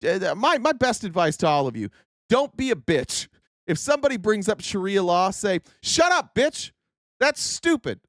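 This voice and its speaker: In a dry, clean studio recording, a man hosts casual political commentary at normal speed. His high-pitched voice has a sing-song quality, and he is sarcastic and profane, often mocking opponents by putting on silly voices.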